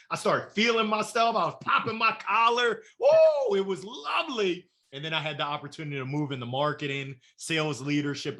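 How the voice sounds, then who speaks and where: Male interview guest, animated storyteller, bright tone, slightly high voice.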